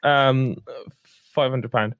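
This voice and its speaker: Deadpan man in his thirties. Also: mid-range voice, takes it slowly, smooth, muffled recording. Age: 30s. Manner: deadpan, hesitant with frequent ums. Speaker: podcast host and editor. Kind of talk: improvised comedy sketch and casual chat.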